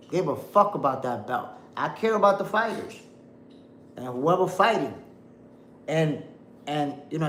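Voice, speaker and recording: A young man hosts a boxing livestream, ranting heatedly, cursing and calling his viewers "my peoples." His voice is fairly high and a bit bright, and there's a little hiss or hum in the casual commentary.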